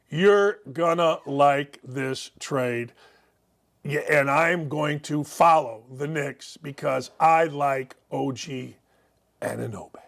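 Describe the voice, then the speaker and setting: Sarcastic, high-voiced man ranting. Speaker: sports talk show host. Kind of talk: opinionated sports and politics rant.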